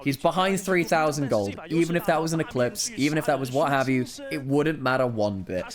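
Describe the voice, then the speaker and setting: A man doing excitable, jokey play-by-play commentary as an esports caster, swinging between shouts and low asides. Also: fairly quick, a crowd in the background.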